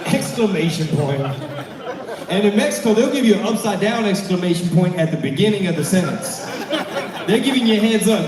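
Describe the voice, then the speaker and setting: Guy doing stand-up, high voice, echoey hall, crowd laughing, a bit far from the mic. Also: moderate pace. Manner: animated, acts out other people's voices. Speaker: stand-up comedian. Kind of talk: stand-up comedy set. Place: large banquet hall with live audience. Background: audience laughing.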